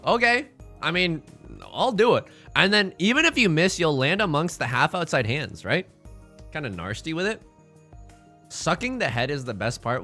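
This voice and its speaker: A young man streaming a mahjong game, chatting casually and joking with playful, drawn-out emphasis. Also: medium pitch, sing-song, sharp tone, faint music behind. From China. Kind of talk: casual live-stream commentary while playing mahjong.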